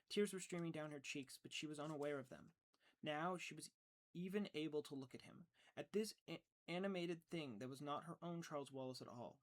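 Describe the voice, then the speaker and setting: A man's voice: on the high side, a little fast. A man narrating an audiobook earnestly, stumbling and restarting now and then. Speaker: audiobook reader.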